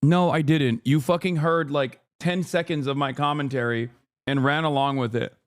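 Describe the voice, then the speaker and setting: A man's voice: fairly high pitch, steady tone, normal speed. A male livestream host giving combative, sarcastic and profane reaction commentary.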